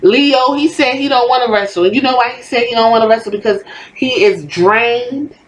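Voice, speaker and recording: A woman's voice: a little high, moderate pace, a little hiss or hum, poor audio. A woman hosting a podcast, delivering a heated, profane commentary rant in a blunt, fiery way. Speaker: podcast host.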